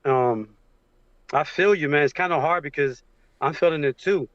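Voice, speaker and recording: A man's voice: on the high side, fairly bright tone, no room sound. Emotional man on a dull call. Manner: emotional, halting, many fillers. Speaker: guest on a livestream. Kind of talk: casual supportive chat. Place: home with a train passing outside.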